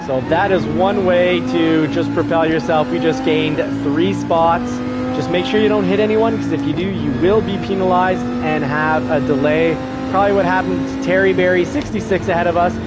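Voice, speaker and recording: A man's voice: high voice, fairly even intonation, normal speed. A man commenting casually on his online race, joking around and explaining driving tips as he goes. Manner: chatty, joking, explains as he drives. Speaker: racing game streamer. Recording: loud racing game engine noise behind. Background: race car engines from the game.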